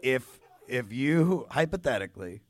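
A man's voice: mid-range voice, animated, measured pace. A man hosting a live podcast on stage, reading out song background and teasing his guest. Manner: reads out song facts, then teases the guest. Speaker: podcast host. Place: live stage in front of an audience.

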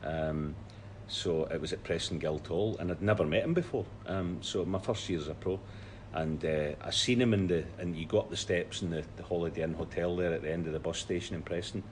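A man with a Scottish accent, a former snooker professional, telling stories in a halting way that repeats words. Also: deep voice, slight background noise. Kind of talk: casual podcast chat.

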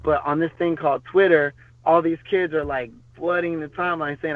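Here the ex-bodyguard podcast guest speaks briskly in a slightly high voice, rambling through stories with plenty of fillers and restarts. There's no echo, though the casual interview audio comes through tinny, as if over a phone.

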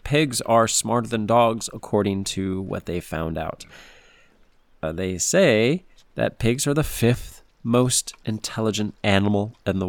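A man's voice: on the low side, gravelly, dry recording. A man hosting a playful animal-facts podcast for kids, chatty and goofy, full of puns and silly asides. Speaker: podcast host.

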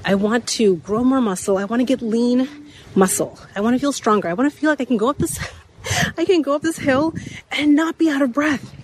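Briskly walking uphill outdoors, a thirtysomething podcast host delivers a motivational talk, her raspy voice sitting high and a bit out of breath. She laughs often and restates key points, with a little hiss or hum in the audio.

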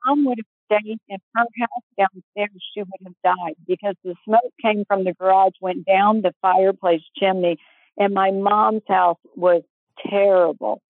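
A woman's voice: mid-range voice, fairly even intonation, a little slow, dry recording. A middle-aged woman earnestly telling a personal story as an interview guest, acting out the things people said. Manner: earnest, breathless storyteller, acts out quotes. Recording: tinny phone-like line.

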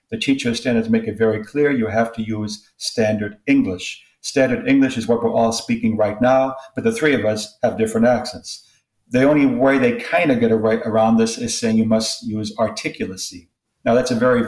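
A man's voice: mid-range voice, darkish tone. A man who is a linguistics expert, explaining points in an interview in a lecturing way and giving spoken examples. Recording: roomy echo.

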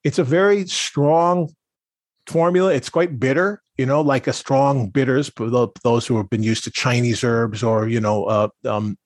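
A man's voice: medium pitch, fairly even intonation, normal speed, no room sound, studio quality. A man talking as a podcast guest in a casual, rambling way, with lots of restarts and fillers. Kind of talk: casual conversational interview.

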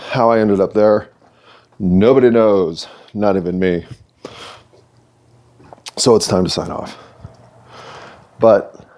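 On the low side with a dark tone, this middle-aged American man hosts his own video series. His monologue to the camera is reflective and earnest, punctuated by playful asides.

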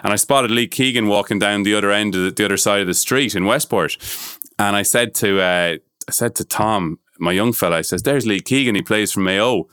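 A middle-aged Irish man with a smooth, resonant voice tells a self-deprecating story on a podcast. He sounds close to the mic in a dry, dead room. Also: on the low side, a little fast, fairly bright tone, no echo. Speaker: podcast co-host. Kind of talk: casual chat.

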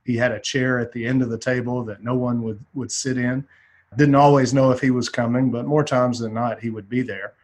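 Husky Southern man telling stories. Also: medium pitch, steady tone, brisk, darkish tone. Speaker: podcast guest. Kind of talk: casual storytelling.

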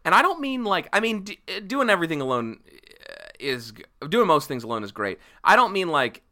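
A man co-hosting a casual podcast, with a bright, forward voice. His pitch rises and falls a lot as he rambles, laughs and swears freely. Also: big pitch swings, brisk. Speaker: podcast co-host. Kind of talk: casual chat.

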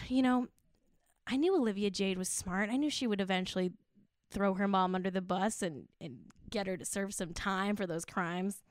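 A woman's voice: mid-range voice, normal speed, dry recording. Sarcastic woman podcast host, dry mic. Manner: sarcastic, mock-earnest, laughing often. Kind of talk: comedic pop culture commentary.

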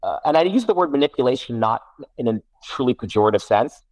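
A man's voice: mid-range voice, fast, dry recording, poor audio. A middle-aged man, a guest parent, telling a casual story with many restarts and self-corrections. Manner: rambling, self-correcting, animated.

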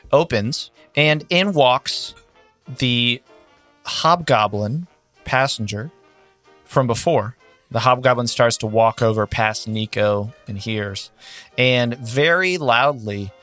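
A man narrating a tabletop role-playing game as game master, in a relaxed, conversational way. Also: mid-range voice, no room sound.

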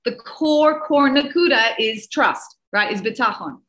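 A woman who works as a dating coach and speaker, telling a personal story with animated emotion and mixing in Hebrew and Yiddish words. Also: a little high, unhurried, rough recording. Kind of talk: personal storytelling in a podcast interview.

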